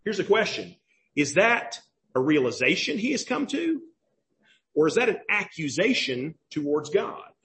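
Emphatic high-voiced Southern preacher. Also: male voice, very animated, a little slow, fairly bright tone. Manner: questioning, emphatic, repeats key phrases. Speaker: pastor. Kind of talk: sermon.

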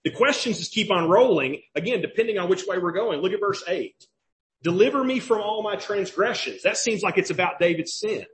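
A man's voice: high voice, expressive, a little fast. A man with a Southern US accent preaching a sermon as pastor, emphatic and questioning, repeating key phrases.

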